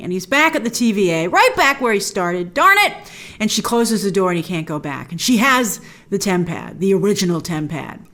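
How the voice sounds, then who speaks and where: A woman's voice: mid-range voice, fairly bright tone. A woman hosting a TV episode recap, talking with gushing enthusiasm and retelling scenes in a chatty, casual way. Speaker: host.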